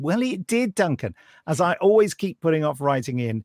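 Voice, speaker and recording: A man's voice: fairly high pitch, very animated, moderate pace, a little mellow, dry recording, studio quality. Wry man reading listener emails. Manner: wry, joking asides while reading. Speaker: podcast host. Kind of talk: casual chat, reading listener emails aloud.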